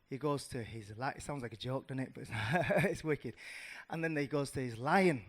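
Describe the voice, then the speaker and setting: A man in his thirties from the audience, telling a children's story in a casual, animated way, with slangy asides and many restarts. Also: medium pitch, moderate pace. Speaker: audience member.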